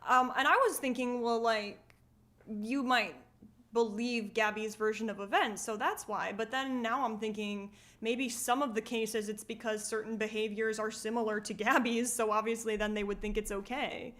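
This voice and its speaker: A woman's voice: a little high, fairly even intonation, moderate pace, a bit bright. A woman streaming live, chatting casually as she reacts to a video and reads viewer comments, often laughing and asking questions.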